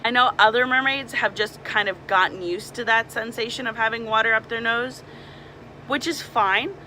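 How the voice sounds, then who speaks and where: A woman's voice: on the high side, moderate pace, sharp tone, slight background noise, low-quality recording. A young woman, a mermaid performer, casually explaining swim tips and demonstrating nasal sounds.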